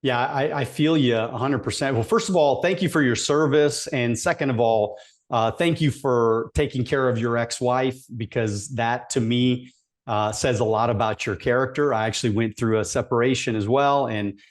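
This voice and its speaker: A middle-aged man hosting a podcast conversation, speaking reflectively and haltingly, often restarting his sentences. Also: mid-range voice.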